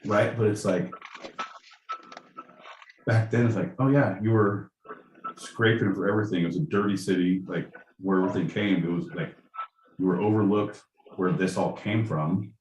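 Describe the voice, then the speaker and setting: A man's voice: sits low, steady tone, moderate pace, pauses often, darkish tone, echoey room, slight background noise, low-quality recording. A man co-hosting a podcast in casual chat, riffing and swearing freely. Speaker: podcast co-host.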